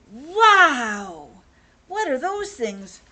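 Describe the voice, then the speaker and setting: A woman reading aloud, voicing a curious, bold young schoolgirl with excited exclamations. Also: high-pitched, unhurried, very noisy.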